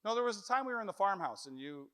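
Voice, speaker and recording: A middle-aged man preaching a sermon in church, telling stories with jokes and lively animation. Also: sits high, very fast, smooth. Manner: animated, joking storyteller.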